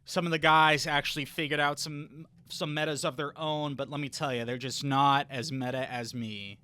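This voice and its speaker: A man's voice: a little high, flat delivery, normal speed, sharp tone, smooth. A young man hosting a podcast in a rambling, boastful casual chat, often laughing between thoughts. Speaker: podcast host.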